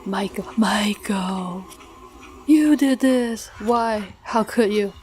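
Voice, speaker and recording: A woman voices a grieving young woman's ghost, accusing and sorrowful, in a voice of middling pitch. Game music plays clearly behind the lines. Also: moderate pace, darkish tone, lightly acted. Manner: reads game dialogue aloud, plainly.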